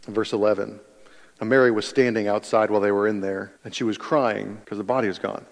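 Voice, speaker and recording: A man's voice: lowish voice, fairly even intonation, brisk, gravelly. Man preaching in a big reverberant hall. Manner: conversational, emphatic, reads then explains. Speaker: pastor. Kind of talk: sermon with scripture reading. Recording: long reverb of a large hall.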